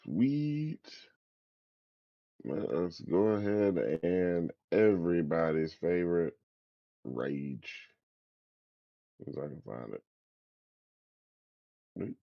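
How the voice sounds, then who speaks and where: A man's voice: low-pitched, lively intonation, drawn-out words, vocal fry, long pauses, dry recording, dull audio. A man playing in a tabletop game, laid-back, counting dice aloud. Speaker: player. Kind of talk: casual game chat.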